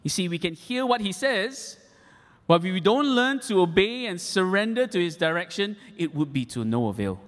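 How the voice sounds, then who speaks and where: A pastor delivers a sermon with a somewhat high voice, restating his key points for emphasis. He speaks in a church hall with a long, ringing echo. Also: very animated, moderate pace. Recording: echoey hall.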